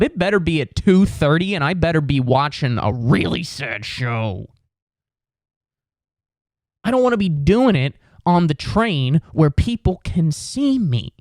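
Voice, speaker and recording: Young man, comedy podcast host, sarcastic rant, swearing, pitch all over the place, dry room. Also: dry recording. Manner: exasperated, sarcastic, swears a lot; jumps into put-on voices for quoted people.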